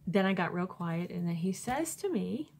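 A woman's voice: on the low side, sing-song, normal speed, vocal fry, a little mellow, slightly rough. A Christian author, a woman, tells a personal faith testimony informally, with many fillers and restarts, and acts out her own past thoughts in raised, emphatic bursts.

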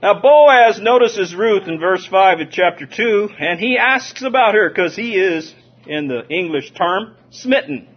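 A high-voiced man from Southern California preaches with lively energy, calling out to the congregation and chuckling as he goes. The recording sounds dull and lo-fi, with the top end rolled off. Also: a little slow. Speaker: pastor. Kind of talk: sermon.

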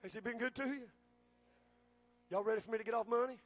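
High-voiced preacher building to shouts. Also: male voice, steady tone, quick pace. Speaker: pastor. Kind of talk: sermon.

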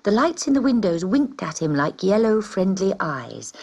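Husky, gravelly woman reading a story. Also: medium pitch, moderate pace, hardly any pauses. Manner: expressive, drops to a hushed whisper at times.

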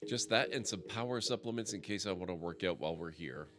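A man's voice: deep voice, lively intonation, fast talker. A man reading the lines of a cheerful, naive male police sidekick in a game, in an earnest, goofy manner. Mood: cheery. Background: music.

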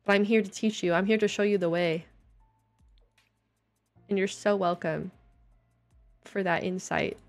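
A woman's voice: medium pitch, steady tone, unhurried, pauses often, soft background music. A young woman live-streaming at home, joking and self-deprecating as she plays and reads her chat aloud. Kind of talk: casual live-stream chat while playing.

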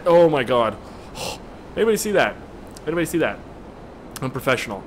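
A man's voice: mid-range voice, lively intonation, fairly quick, background noise. A young man doing casual, profane gameplay commentary, rambling and joking as he plays. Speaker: gaming channel host.

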